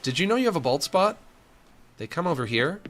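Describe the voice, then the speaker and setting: Excitable man narrating his own gameplay. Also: fairly high pitch, brisk. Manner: excitable, talks to himself and game characters. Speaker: streamer. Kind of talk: casual gameplay commentary.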